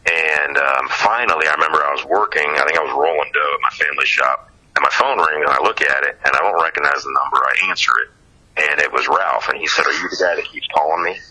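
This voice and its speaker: A singer-songwriter from Ohio, telling stories as a guest in a casual interview. He is animated, chuckles often and uses many fillers. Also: a bass voice, fast talker, poor audio.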